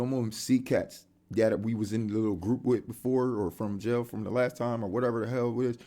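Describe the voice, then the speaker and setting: A man with a Delaware accent tells faith stories in loose, slangy street talk. He keeps dropping in "you know what I'm saying" and rambles as he goes. His voice sits at an everyday middle pitch. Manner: animated street slang, many fillers. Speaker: faith vlogger. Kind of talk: casual testimony storytelling.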